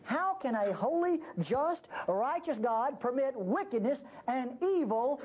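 Older woman preaching with lively swings. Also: unhurried, hardly any pauses, slight background noise. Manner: emphatic, folksy and teasing, with lively pitch swings. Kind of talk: sermon. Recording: dull lo-fi recording.

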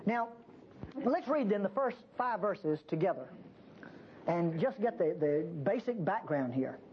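A woman teaching a Bible passage to a church group in a conversational way, acting out the prophet's pleas as she explains them. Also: mid-range voice. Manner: animated, acts out the prophet's pleas. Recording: dull lo-fi tape with faint hiss.

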